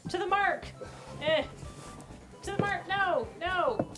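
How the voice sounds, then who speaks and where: High-voiced woman calling out challenges. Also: over loud music. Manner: brisk, calls out instructions, playful. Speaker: challenge ringleader on a charity stream. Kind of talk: fast live stream hosting.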